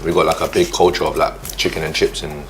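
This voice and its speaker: A man's voice: extremely low pitch, level tone, quick pace, background noise. A man with a London accent, chatting in a laid-back, slangy way as a guest in an interview. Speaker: music artist guest. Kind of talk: casual chat.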